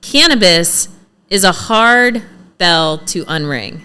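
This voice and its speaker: A woman speaking as a policy advocate in a casual podcast conversation, blunt and animated, acting out what lawmakers said to her. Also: fairly low pitch, slow, clean tone. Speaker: cannabis policy advocate guest.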